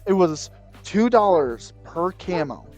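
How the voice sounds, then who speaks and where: Rambling, slightly high-voiced podcast guy. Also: big pitch swings, takes it slowly, a little mellow, soft background music. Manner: rambling, loses his train of thought, mild swearing. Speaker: podcast co-host. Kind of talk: casual chat.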